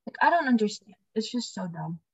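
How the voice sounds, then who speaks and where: A woman's voice: fairly high pitch, sing-song, brisk, slightly rough, no echo. A young woman in casual chat, reading out passages from a book between many "um"s and "like"s. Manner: reads quotes aloud, frequent "um" and "like". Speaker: book discussion co-host. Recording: dry, dull lo-fi mic.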